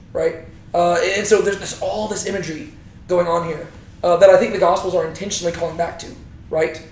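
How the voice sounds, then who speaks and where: A young man leading a casual Bible study, lively and conversational, asking his group questions as he explains the text. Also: high-pitched. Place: echoey room with a small group. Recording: roomy echo.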